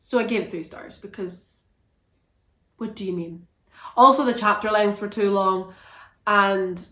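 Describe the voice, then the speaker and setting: A young woman giving a casual, animated book review, swearing a lot and sounding exasperated. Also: mid-range voice, roomy sound.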